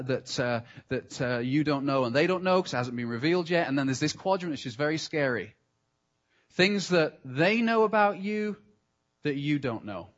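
A British pastor speaking in a fairly high voice, relaxed and chatty as he preaches. The sound is a little muffled. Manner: conversational and practical, with asides. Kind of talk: sermon.

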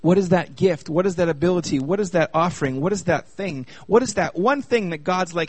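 High-voiced animated male preacher. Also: brisk, hardly any pauses, husky, no room sound. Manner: animated, asks the audience many rhetorical questions. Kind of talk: sermon.

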